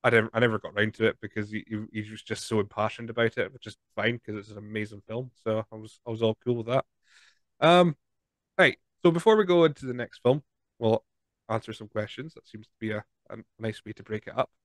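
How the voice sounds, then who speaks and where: A man's voice: lowish voice, brisk, dry recording. A man hosting a podcast over a video call, chatting easily and rambling a little with restarts. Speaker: podcast host. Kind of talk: casual interview chat.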